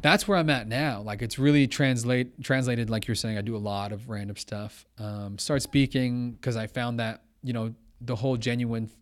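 A young man speaks as a podcast guest, telling an anecdote with lively energy. He acts out both sides of a conversation and keeps it loose and casual. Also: medium pitch, normal speed, few pauses. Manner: animated, quotes others, says blah blah. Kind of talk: casual storytelling.

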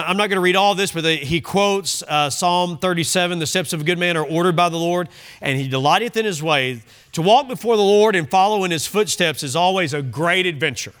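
A man's voice: fairly high pitch, bright, forceful tone. A man pastor preaching a sermon, emphatic and fond of repeating key phrases.

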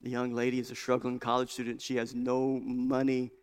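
A male preacher delivering a sermon in a mid-pitched voice. He tells stories and builds into fervent, emphatic preaching. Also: monotone, brisk, clean tone.

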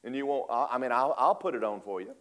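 A man preaching a storytelling sermon, animated, acting out voices and laughing often. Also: mid-range voice, fast.

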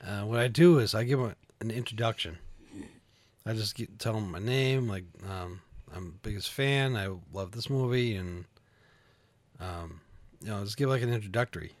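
A man's voice: fairly low pitch, normal speed, no room sound. A man chatting casually, laid-back and hesitant, with many fillers and frequent laughs. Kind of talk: casual chat.

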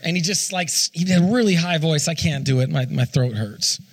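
A man's voice: a little high, brisk, breathy edge. A man in his thirties preaching a sermon as a pastor, often stumbling over and repeating his words and putting questions to the congregation.

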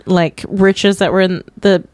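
A woman's voice: on the low side, fairly even intonation, unhurried, darkish tone, no room sound. A young woman co-hosting a podcast, wry and sarcastic as she picks apart a movie's plot. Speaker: podcast co-host. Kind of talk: casual movie review chat.

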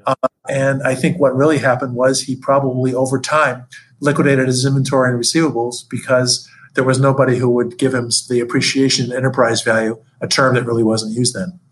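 A man's voice: medium pitch, level tone, brisk, slight background noise, rough recording. An older man, interviewer and former colleague, reminiscing in conversation and telling stories. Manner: storytelling, acts out quotes.

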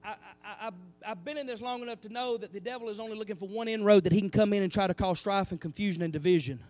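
High-voiced preacher man, animated delivery. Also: fast talker, dry recording. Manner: animated preaching with call-and-response asides. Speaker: pastor. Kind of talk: sermon. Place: church sanctuary.

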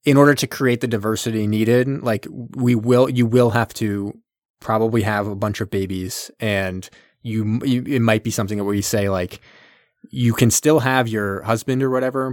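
A man's voice: lowish voice, steady tone, moderate pace, no echo, studio quality. A man casually recapping a film as a podcast co-host, rambling with lots of fillers. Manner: rambling, with frequent fillers and acted-out quotes. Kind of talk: casual movie recap chat.

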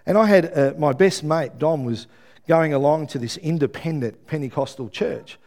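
Middle-aged Australian preacher, lively testimony-style sermon, acts out quotes, fairly high voice. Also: male voice, normal speed. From Melbourne, Australia. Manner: lively storytelling with acted-out quotes and asides.

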